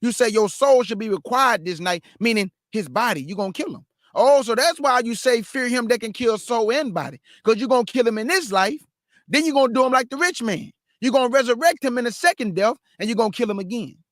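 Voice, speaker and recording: A man teaching the Bible, reading verses aloud and breaking off to question them with drawn-out emphasis. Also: very high voice, expressive, fairly bright tone, no echo, studio quality. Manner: reads verse then stops to question it aloud. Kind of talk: street-style scripture teaching.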